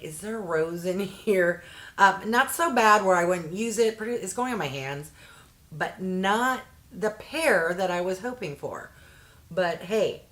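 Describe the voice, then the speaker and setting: Slow-talking, chatty woman unboxing products. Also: fairly low pitch, fairly bright tone. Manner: chatty, easily delighted, jokey asides. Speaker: unboxing vlogger. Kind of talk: casual product unboxing chat.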